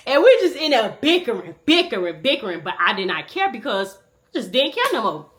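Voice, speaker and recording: Young woman, candid storytime vlogger: bright, animated, slangy, loud one moment and muttering the next. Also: on the high side, fairly quick.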